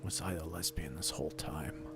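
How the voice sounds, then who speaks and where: A man's voice: a bass voice, normal speed, loud music behind the voice. A man streaming casually, bantering with his chat and joking at his own expense.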